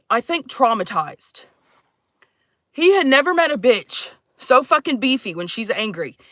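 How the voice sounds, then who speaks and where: A woman's voice: on the high side, bright, forceful tone, no room sound, studio quality. A young woman vlogger in a brash, crude, joking rant, swearing often. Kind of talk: casual profane rant.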